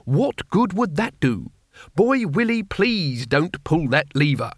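A man voicing a mild, precise older male schoolteacher who talks slowly and carefully. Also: medium pitch, big pitch swings, fairly bright tone, no echo, studio quality, heavily acted. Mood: coaxing.

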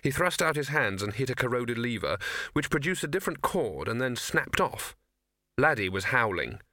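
A man narrating an audiobook with measured, even storytelling. His voice is bright and forward. The recording is close and dry. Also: medium pitch, no room sound. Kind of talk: scripted narration.

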